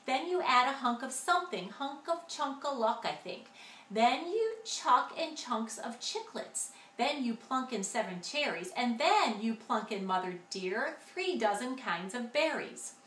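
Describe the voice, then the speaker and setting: A pushy, carefree green glunk creature gabs away in rapid patter, swinging all over a bright, lively voice, as a woman puts him on. He runs on about himself with no care for anyone else. It is read aloud in an echoey room. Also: fairly high pitch, distant mic. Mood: gabbing.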